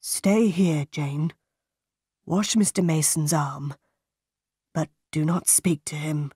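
A woman voicing a stern, brooding middle-aged gentleman in a read-aloud storybook, speaking low, grave and quiet. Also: slow pace, breathy edge, dry recording, clean studio sound, heavily acted.

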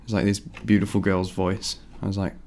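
Over a little hiss or hum, a young man rambles about a song ahead of his cover, relaxed and filled with "like" and "um." His low, darkish voice shows little pitch movement at a normal speed.

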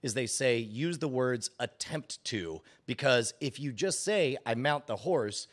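A man co-hosting a casual podcast chat, laughing often and getting animated as he reads aloud. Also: mid-range voice, a little slow. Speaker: co-host.

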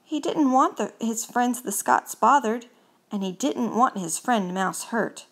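A woman reading a children's picture book aloud, expressive and unhurried. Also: fairly high pitch. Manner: slow, expressive storytelling. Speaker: storybook reader.

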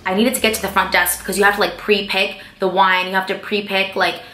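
Young woman vlogger, quick bright chatty delivery, echoey room with faint music behind. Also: mid-range voice, level tone. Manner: chatty, fills speech with "like" and "um". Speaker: beauty vlogger answering viewer questions. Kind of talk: casual chat.

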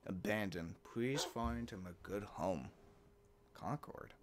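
A man's voice: lowish voice, expressive, takes it slowly, noisy background. A man giving casual, profane, joking commentary while playing a game, talking to himself and mumbling asides. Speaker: let's play gamer.

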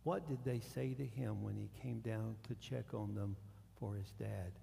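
A male pastor preaching a sermon, animated, swinging between hushed and loud. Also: on the low side, measured pace, creaky. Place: church sanctuary. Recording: long church hall reverb.

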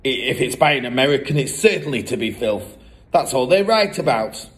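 A man reading a storybook aloud and voicing a gruff, contemptuous, bullying middle-aged father. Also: mid-range voice, sing-song, fairly quick, fairly bright tone. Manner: snapping, contemptuous.

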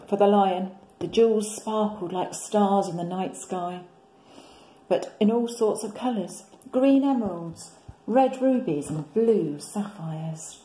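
A woman, a primary school teacher, reading a picture book aloud in a gentle, expressive storytelling manner. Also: medium pitch, roomy sound, slight background noise, rough recording.

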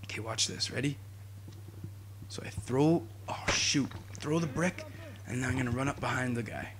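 A young man giving jokey, excitable commentary while playing a video game, talking to his viewers and yelling at enemies. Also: medium pitch, moderate pace, background noise. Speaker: gaming YouTuber. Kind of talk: let's play commentary.

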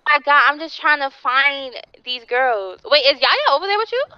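High, lively woman on a dull, muffled call. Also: moderate pace, no room sound. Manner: defensive, brushes off questions. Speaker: role-play player on a call. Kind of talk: casual in-character role-play chat.

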